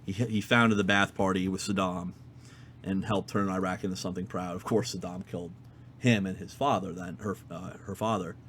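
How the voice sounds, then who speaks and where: A man co-hosting a comic book podcast, retelling a comic's story in a lively, casual way with fillers. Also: sits low, normal speed, slight background noise. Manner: animated retelling, fillers, quotes characters in his own voice. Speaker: podcast co-host reviewing comics. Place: comic shop.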